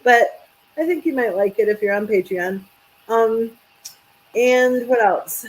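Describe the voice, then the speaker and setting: Woman host, casual chat, rambling, a bit high-pitched, sleepy. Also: takes it slowly, low-quality recording. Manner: chatty, rambling, trailing off. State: sleepy, yawning. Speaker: channel host.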